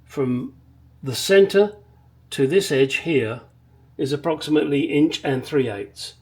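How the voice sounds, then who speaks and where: A man's voice: a little high, darkish tone, slightly rough. A man talking candidly in a casual workshop vlog, bluntly explaining car bodywork with frequent swearing and hesitant fillers. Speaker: car restoration vlogger.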